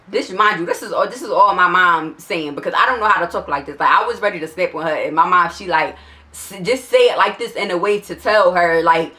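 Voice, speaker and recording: Young philly girl venting a storytime, lowish voice but real bright and sharp, cussing a lot. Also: brisk. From Philadelphia area. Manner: exasperated, profane, animated storytelling with many restarts. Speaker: vlogger telling a story. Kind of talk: casual storytime.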